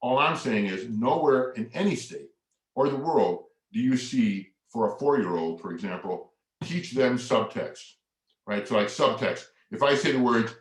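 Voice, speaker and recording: A man's voice: mid-range voice, moderate pace. A man presenting a family workshop, reading poetry dramatically with big swings in volume and inflection, then explaining his method with enthusiasm. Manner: expressive, sweeping changes in volume and inflection when reading. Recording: echoey room.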